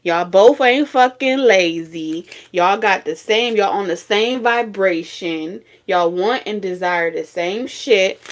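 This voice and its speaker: A woman reads tarot cards in a vlog. Her talk is blunt and profane, scolding and full of repeated punchy phrases, in a voice of middling pitch. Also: slow pace, few pauses. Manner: blunt, profane, scolding street talk with sudden laughs and singing. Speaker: tarot reader.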